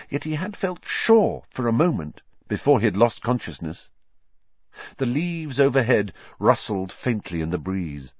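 A man narrating an audiobook in a measured, expressive storytelling manner. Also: lowish voice, no echo. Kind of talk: scripted narration. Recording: dull lo-fi dry recording.

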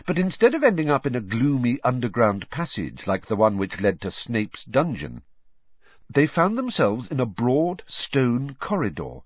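Husky man reading a storybook. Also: on the low side, no echo. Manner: expressive storytelling. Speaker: audiobook narrator. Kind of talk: scripted narration. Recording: dull, dry audiobook recording.

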